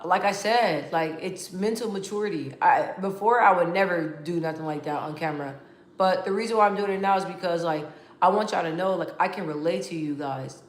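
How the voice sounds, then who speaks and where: A young adult woman talking candidly in a casual vlog, emotional and rambling, with frequent restarts and repeated words. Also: fairly low pitch. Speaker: vlogger. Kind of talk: casual heartfelt vlog talk. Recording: roomy echo.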